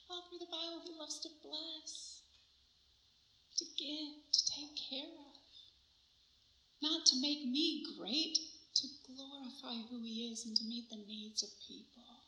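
Woman preacher, animated storyteller, crisp bright voice. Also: sits high, normal speed, slight background noise. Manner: animated storytelling, laughs often. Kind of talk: sermon testimony. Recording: roomy echo.

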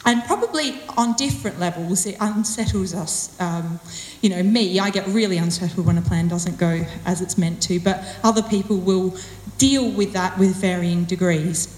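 A woman's voice: fairly low pitch, moderate pace, few pauses, darkish tone. A woman giving a personal sermon talk in a chatty, self-deprecating way, with playful emphasis on her words. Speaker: church speaker. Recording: echoey hall with long reverb.

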